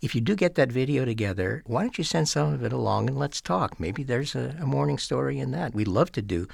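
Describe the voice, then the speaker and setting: A man hosting a radio show in a studio, telling stories in a gentle, unhurried way with dramatic pauses. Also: mid-range voice, animated, gravelly, no room sound. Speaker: host. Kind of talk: storytelling radio host.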